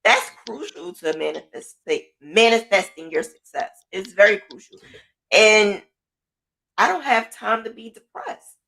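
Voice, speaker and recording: This woman hosts a podcast, talking casually on her own in a chatty, motivational manner full of fillers. Her voice is medium in pitch, unhurried and marked by vocal fry, and it jumps up excitedly when she quotes her own thoughts.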